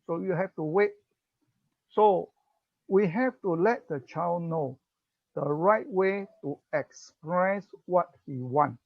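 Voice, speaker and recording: A Singaporean English speaker talks through parenting advice at an unhurried pace, acting out what a parent and child might say. The voice sounds dry and close, and the recording is dull and muffled. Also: mid-range voice, no echo. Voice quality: slow explaining, mixes in Chinese phrases. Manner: acts out parent-child dialogue, chuckles often. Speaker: parenting talk guest speaker. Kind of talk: parenting talk.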